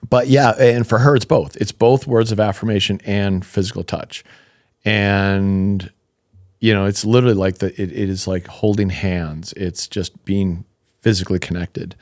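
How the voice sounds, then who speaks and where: Guest in his 50s, low voice, upbeat storyteller, dry close mic. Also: normal speed, no room sound. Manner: upbeat, animated storytelling with fillers. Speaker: podcast guest, supplement company founder. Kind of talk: casual interview chat.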